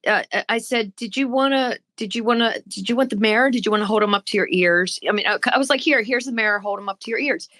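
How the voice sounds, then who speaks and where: A woman's voice: on the high side, fast talker, hardly any pauses, dry recording. A woman co-hosting a podcast in casual chat, telling stories animatedly and acting out the people she quotes. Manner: animated storyteller who acts out quoted people. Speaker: podcast co-host.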